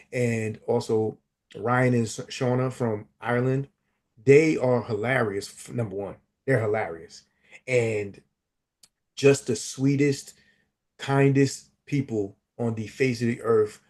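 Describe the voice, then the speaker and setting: Man, casual chat, slangy, animated storyteller, mid pitch. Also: a little slow. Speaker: community member on a livestream.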